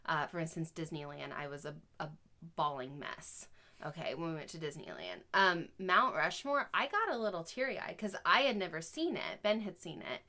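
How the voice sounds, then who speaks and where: A woman in her thirties co-hosts a family podcast, her voice sitting low with a sharp tone. She chats casually, laughs often and speaks openly about her feelings.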